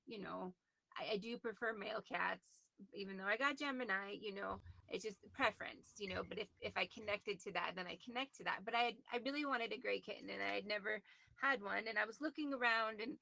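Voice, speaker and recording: A woman on a video call telling a story in a chatty, animated way, acting out what people said. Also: medium pitch, creaky, no room sound. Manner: chatty, animated, quotes people in lively voices. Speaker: guest.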